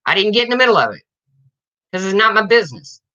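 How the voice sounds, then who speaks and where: Indignant woman with a bright, sharp voice. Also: medium pitch, very animated, fast talker, highs cut off. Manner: indignant, confrontational, addresses viewers directly. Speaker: livestreamer. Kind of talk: livestream rant to viewers.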